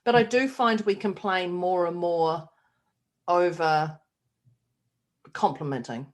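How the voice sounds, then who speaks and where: A middle-aged woman co-hosting a casual podcast chat, animated and laughing often as she acts out quoted voices. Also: fairly low pitch, slow. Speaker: podcast co-host.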